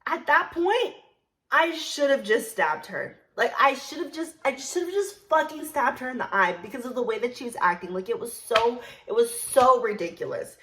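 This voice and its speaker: A young woman telling a casual storytime vlog about her serving job, animated, blunt and full of swearing and emphatic repetition. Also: high-pitched, moderate pace. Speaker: storyteller recounting her work as a server.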